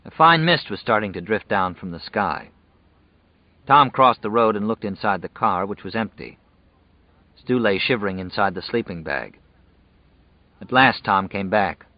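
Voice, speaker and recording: A man reading a novel aloud in measured, even scripted narration. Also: lowish voice, no room sound. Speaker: audiobook narrator. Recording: dull dry lo-fi audio.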